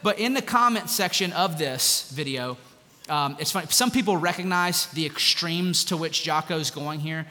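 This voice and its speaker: A man preaching a sermon as pastor, animated and conversational, with jokes and asides. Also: a little high, moderate pace, in a large hall.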